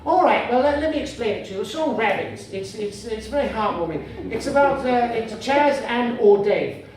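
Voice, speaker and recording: A man doing stand-up as a bumbling, pompous character who turns quickly indignant, recorded on stage at a comedy club. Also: very high voice, animated. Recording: very echoey room from far off, noisy.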